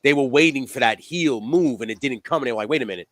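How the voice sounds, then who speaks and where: A man's voice: medium pitch, fast talker, background noise. A man co-hosting a live podcast, talking casually about wrestling in a rambling, emphatic way, with frequent swearing. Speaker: podcast co-host.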